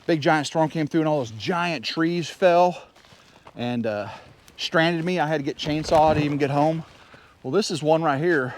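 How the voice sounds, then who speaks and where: This vlogger's voice sits on the high side at a moderate pace as he hikes snowy woods with a handheld camera, slightly winded. Excitable and talkative, he drifts from one thought to the next over slight background noise.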